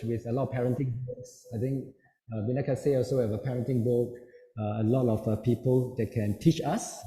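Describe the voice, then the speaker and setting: A man's voice: mid-range voice, dark tone. A middle-aged man giving a parenting seminar talk, telling stories and acting out the voices he quotes. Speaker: seminar speaker. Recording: echoey hall with long reverb.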